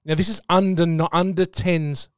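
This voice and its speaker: A man's voice: on the high side, normal speed, clean tone, no echo, clean studio sound. A middle-aged Australian man co-hosting a podcast, telling a story in a casual chat and getting worked up as he goes. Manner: animated storytelling, voice jumps up when worked up. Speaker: podcast co-host.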